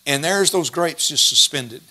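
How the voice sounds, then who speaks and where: A middle-aged man preaching a sermon, folksy and storytelling, slowing down to stress scripture verses. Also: a little high, pushed and bright.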